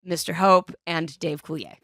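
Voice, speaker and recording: A woman in her forties co-hosting a podcast, jokey and animated, with quick asides. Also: low voice, dry recording, studio quality. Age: 40s. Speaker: podcast co-host. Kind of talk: casual chat.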